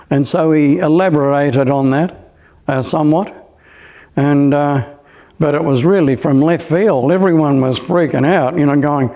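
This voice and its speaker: Man, slightly high, mellow voice; slow, halting storyteller full of fillers. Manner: halting, many pauses and fillers. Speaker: storyteller recalling a spiritual gathering. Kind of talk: casual spoken recollection.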